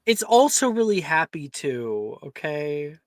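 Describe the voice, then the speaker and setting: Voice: medium pitch, very animated, takes it slowly, dry recording. Chatty game master explaining rules. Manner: chatty, explains spell rules, laughs often. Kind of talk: running a tabletop game over a stream.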